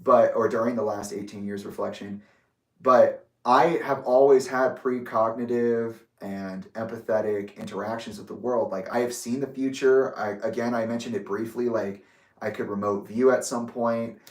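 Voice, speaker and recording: A young man talks through a personal reflection in a loose, rambling way, restarting phrases and swearing now and then. His voice sits at an ordinary middle pitch. It sounds roomy and a little distant from the microphone. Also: steady tone, normal speed. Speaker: vlogger. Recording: roomy echo, distant from the mic.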